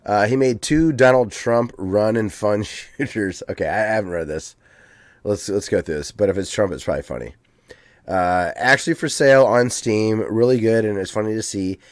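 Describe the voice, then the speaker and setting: A man's voice: lowish voice, normal speed, dry recording, clean studio sound. An American man co-hosting a podcast, chatting casually and rambling with lots of ums. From United States. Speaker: podcast co-host. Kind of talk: casual chat.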